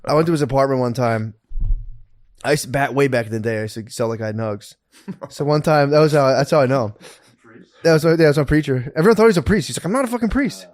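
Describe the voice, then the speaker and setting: A man co-hosting a comedy podcast rattles through loose, rambling stories at a quick clip, tossing in "dude" and curses as he goes. His voice sits at an ordinary middle pitch. It is picked up close on a studio mic with a dry, dead sound. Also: a little mellow, dry recording. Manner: loose, rambling storyteller peppering talk with "dude" and swearing. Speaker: podcast co-host. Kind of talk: casual comedy podcast chat.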